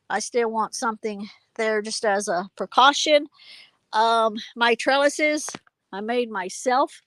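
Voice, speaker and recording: A woman hosting a casual live phone stream from her backyard garden, talking loudly and rambling with fillers. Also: on the high side, poor audio. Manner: loud, chatty, rambling with fillers. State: hard of hearing. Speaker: channel host. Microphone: phone held while walking.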